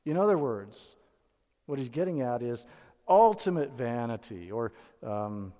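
Guy giving a bible sermon, mellow voice, keeps restarting, lots of reverb. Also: mid-range voice, big pitch swings, measured pace. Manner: explanatory, with frequent restarts and fillers. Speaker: Bible teacher. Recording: long reverb of a hall.

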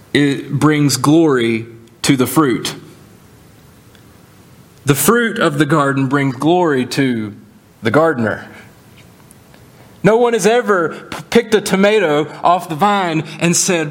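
A man preaching a sermon as pastor, earnest and deliberate, slowing down to stress key words. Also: a little high.

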